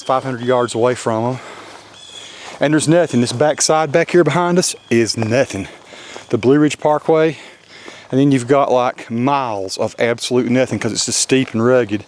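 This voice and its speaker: Casting: man with a North Carolina mountain twang, relaxed folksy rambler, filmed on a handheld camera in the woods, faint outdoor hiss. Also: medium pitch, a little slow. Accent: western North Carolina mountain Southern. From Appalachian Highlands, North Carolina. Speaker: vlogger. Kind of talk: casual walking commentary. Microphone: handheld camera mic.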